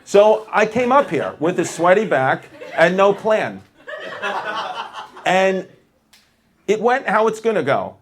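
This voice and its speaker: A man's voice: sits high, noisy background. A male stand-up comedian doing rambling, self-mocking crowd work on a club stage. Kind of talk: stand-up set. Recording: audience laughter throughout.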